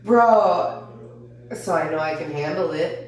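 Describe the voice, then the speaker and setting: A woman's voice: sits low, slow pace. A young woman comedian in casual chat, joking loosely, swearing and mocking herself. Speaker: comedian guest. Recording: echoey room, mic at a distance.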